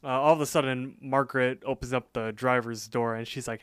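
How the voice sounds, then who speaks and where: Male podcast co-host, mid-pitched and resonant, retells cartoon scenes in a relaxed, chatty way. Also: clean tone, no echo. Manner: retells scenes, quoting characters in quick asides. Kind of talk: casual episode recap.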